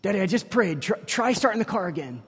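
A man voicing a young girl who pleads with her father to start the car again, his pitch pushed well above his own. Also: big pitch swings, quick pace, slightly rough, full character voice. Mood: pleading. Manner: pleading, insistent. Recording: long reverb of a large hall.

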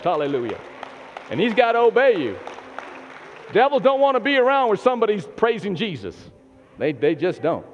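Animated preacher man in a reverberant church. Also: high-pitched, moderate pace. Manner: animated, laughs often, swings from loud exhortation to hushed prayer. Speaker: pastor. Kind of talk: sermon with call and response. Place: church with live and online congregation. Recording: long hall reverb, dull lo-fi sound, faint music.

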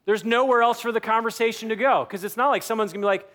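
A man's voice: high voice, fast, few pauses, a bit bright. A man pastor giving a sermon in a conversational way, acting out everyday dialogue as he makes his points. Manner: conversational preaching, acts out quoted dialogue.

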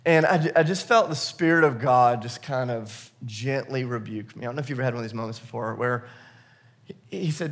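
A man's voice: medium pitch, brisk. A man preaching a sermon, telling a personal story in a conversational, self-deprecating way before moving into scripture. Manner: conversational, self-deprecating, animated retelling with laughs. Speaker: pastor.

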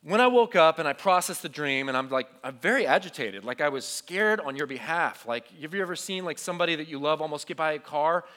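A man preaching to a junior high youth group, telling a story in an animated way. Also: fast talker, hardly any pauses. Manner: animated storytelling, acts out quotes. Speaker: youth pastor. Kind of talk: youth sermon.

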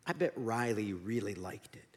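A gloomy, mopey girl, as a preacher puts her on, speaking low and quietly. The voice droops as though nothing will ever be fine. A long hall reverb surrounds it. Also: expressive, moderate pace, lightly acted. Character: gloomy female Sadness, soft and mopey.

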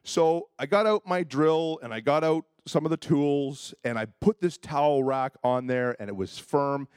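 Pastor in his fifties, comic self-deprecating storyteller, a little high-pitched, close and dry. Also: unhurried, darkish tone, smooth, no room sound. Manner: self-deprecating, humorous, acts out quoted voices. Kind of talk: storytelling sermon.

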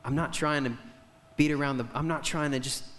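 A young man preaching a sermon, telling a story with passion and swinging from loud declarations to hushed moments. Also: fairly high pitch, steady tone, fairly quick.

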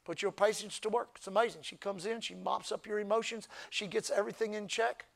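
A male pastor preaching a sermon at a church service, often building to shouts and calling for the congregation to answer back. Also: high voice, fairly even intonation, brisk, gravelly. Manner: preaching, often rising to shouts with crowd call-and-response.

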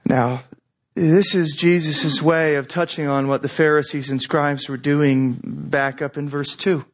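A man preaching a sermon in a conversational way, with asides and restarts, acting out quoted voices. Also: a little slow. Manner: animated, acts out quoted voices with rising pitch. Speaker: pastor.

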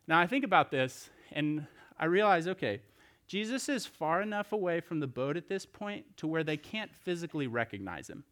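A man's voice: fairly high pitch, very animated, moderate pace, a bit bright. A man preaching a sermon as pastor, telling a scripture story in a conversational way with rhetorical questions and restarts.

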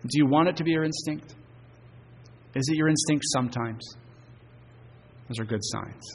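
A man preaching an evening sermon, earnest, with emphatic stresses and phrase endings that drop soft. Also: on the high side, moderate pace, breathy edge, in a large hall. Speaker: pastor. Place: church sanctuary.

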